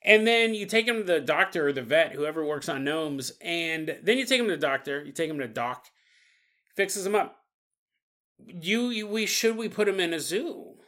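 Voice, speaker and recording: Animated, laughing male podcast host. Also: a little high, normal speed. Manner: animated, laughs often, acts out silly voices. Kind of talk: rambling comedic monologue.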